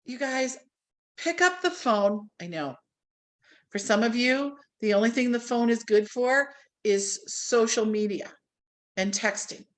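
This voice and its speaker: Woman real estate trainer, fairly high voice, lively classroom delivery, acts out the calls she describes. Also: measured pace. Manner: animated, acts out quoted phone calls. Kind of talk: live training class talk. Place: classroom with a live audience.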